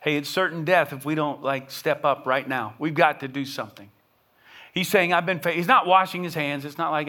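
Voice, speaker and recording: High, forceful middle-aged male preacher. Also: brisk. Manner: earnest, builds to impassioned emphasis with repeated restarts. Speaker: pastor. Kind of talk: sermon.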